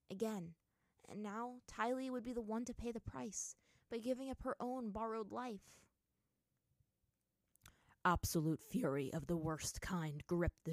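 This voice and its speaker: A woman's voice: on the low side, a little mellow, no echo, clean studio sound. A woman reading fan fiction aloud as narrator, with dramatic storytelling.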